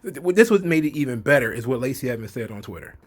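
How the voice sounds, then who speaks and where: A man's voice: mid-range voice, expressive, fast. A man hosting a casual commentary vlog, laughing often and talking loosely with profanity.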